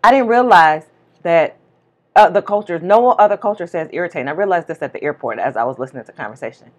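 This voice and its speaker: A woman co-hosting a casual podcast, telling stories in an animated way and acting out what people said. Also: fairly low pitch, fast talker. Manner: storytelling, animated, acts out quotes. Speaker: podcast co-host.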